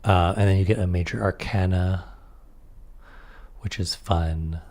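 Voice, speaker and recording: Low, dark-voiced man reading rules. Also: fairly even intonation, a little slow. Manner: reads rules aloud, then comments offhandedly. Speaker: host reading through a tabletop RPG rulebook. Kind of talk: casual rulebook read-through.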